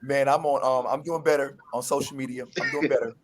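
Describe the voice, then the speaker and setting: A man being interviewed as a guest actor, telling a story excitedly and repeating his words. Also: mid-range voice, brisk. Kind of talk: casual interview.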